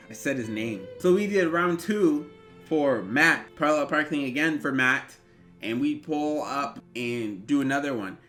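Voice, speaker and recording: Bright-voiced young man telling a story. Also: medium pitch, unhurried, soft background music. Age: 20s. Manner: animated, rambling, bursts into yelps. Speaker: vlogger. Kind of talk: storytime vlog.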